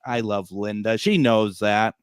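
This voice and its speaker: A man's voice: on the low side, smooth, no echo, studio quality. A man hosting a casual livestream chat, joking and laughing a lot. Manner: jokey, laughs a lot, puts on quick voices for friends. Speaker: host.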